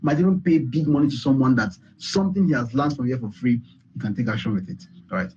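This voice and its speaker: A man's voice: medium pitch, quick pace, a little mellow, highs cut off, a little hiss or hum. A man giving a repetitive, emphatic motivational talk on a call, often saying "all right". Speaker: speaker on a group call.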